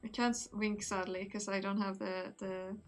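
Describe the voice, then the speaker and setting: A woman's voice: mid-range voice, level tone, normal speed, faint music behind. A young woman streamer, giggly and chatty, reading a story aloud and talking with her viewers. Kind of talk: casual live-stream chat and story reading.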